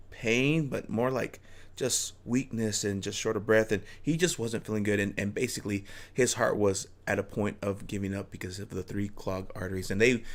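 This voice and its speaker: A man casually telling a personal story, rambling with restarts and chuckles. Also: fairly low pitch.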